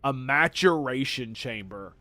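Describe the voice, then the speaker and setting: A man giving let's play commentary as a gaming streamer, excitable and profane, gushing over every detail. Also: medium pitch, a little slow, no room sound, faint music behind.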